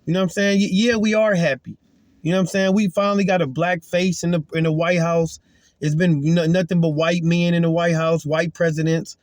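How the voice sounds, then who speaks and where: A man's voice: on the high side, little pitch movement, brisk, no echo, clean studio sound. A man giving an earnest, emphatic spoken testimony as a Christian, retelling a confrontation in casual talk.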